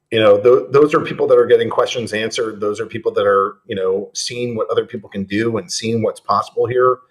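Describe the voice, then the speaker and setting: Brief: man, host, casual and rambling, mid-pitched, easygoing. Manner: chatty, rambling with many fillers and restarts. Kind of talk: casual livestream chat.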